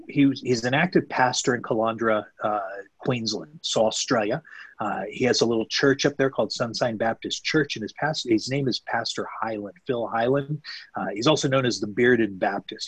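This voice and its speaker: Husky guy, missionary on a podcast, rambles earnestly, dry sound. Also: mid-range voice, no echo, rough recording. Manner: earnest, meandering, with frequent restarts. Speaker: missionary guest. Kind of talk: storytelling in a podcast interview.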